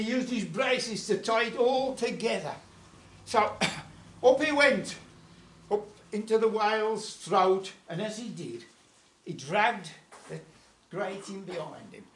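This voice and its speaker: A man telling a folk tale live at a folk club, chatty, with asides to the audience. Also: sits high. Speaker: storyteller. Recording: echoey folk club room.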